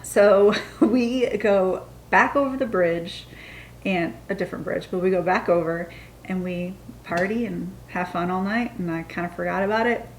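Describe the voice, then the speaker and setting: A woman in her thirties from the United States, telling a story in a casual, chatty way and acting out the quotes. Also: medium pitch. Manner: chatty, animated, acts out the quotes. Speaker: storytime vlogger.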